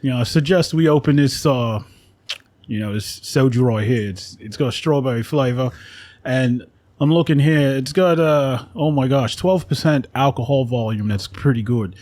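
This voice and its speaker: A man, an actor and voiceover artist, chatting as a guest in a radio studio in a relaxed, rambling way and laughing often. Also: medium pitch, moderate pace. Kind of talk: casual conversation.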